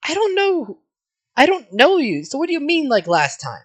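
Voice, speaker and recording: A man voicing a brash young woman student with a drill-sergeant temper, loud and commanding. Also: extremely high pitch, huge pitch swings, normal speed, voice pushed up, full character voice. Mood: indignant. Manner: loud, commanding, yells a lot. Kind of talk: fan role-play voice acting.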